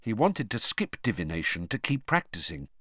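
A man narrating an audiobook with an expressive, varied delivery. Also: on the low side, normal speed, no room sound, studio quality. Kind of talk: storybook narration.

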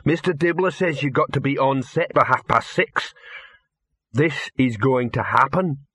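A man's voice: medium pitch, fairly bright tone, slightly rough, no echo, clean studio sound, voice pushed up. Man doing a plodding troll servant. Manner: slow and plodding. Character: slow-witted, dutiful male troll servant.

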